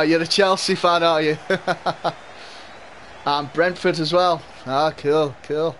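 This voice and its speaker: A man's voice: a little high, steady tone, slow, pauses often, fairly bright tone, a little hiss or hum. A young man with a mild Liverpool Scouse accent, chatting with viewers and laughing often while he commentates a football video game. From Liverpool, England. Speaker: gaming streamer. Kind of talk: live gameplay commentary and chat with viewers.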